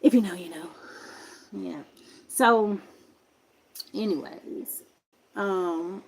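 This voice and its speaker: A young woman casually telling a personal story, acting out other people's voices with big jumps in pitch. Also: extremely slow, vocal fry, darkish tone, slight background noise. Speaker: vlogger telling a life story.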